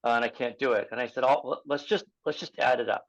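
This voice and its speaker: A man's voice: medium pitch, fast, a bit bright, lo-fi sound. A man who coaches triathletes, talking casually on a podcast and explaining through practical examples and quoted exchanges with athletes.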